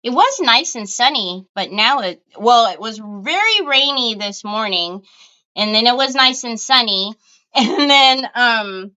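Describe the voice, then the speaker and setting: A woman's voice: high-pitched, bright, forceful tone, dull audio. A woman hosting a casual craft livestream, chatty and giggly, greeting viewers by name as she talks into her phone at home.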